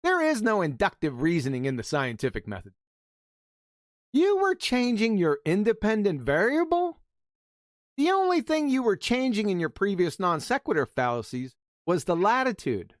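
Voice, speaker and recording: A man's voice: sits high, huge pitch swings, moderate pace, no echo, studio quality. A man hosting a talk stream, ranting in a mocking, insulting way. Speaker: host. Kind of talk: ranting monologue.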